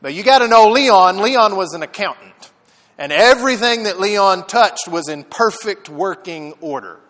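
A man preaching a sermon, telling the story with lively dramatic emphasis. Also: high-pitched, moderate pace, in a large hall. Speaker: pastor.

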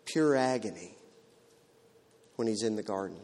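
A man preaching a sermon in a dramatic way, swinging from loud to hushed. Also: lowish voice, expressive, a little slow. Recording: long hall reverb.

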